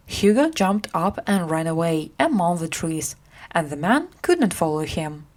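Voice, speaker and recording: Woman reading a storybook audiobook slowly, pitch moves a lot. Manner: slow, clear, expressive. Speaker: reader. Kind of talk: graded-reader audiobook narration.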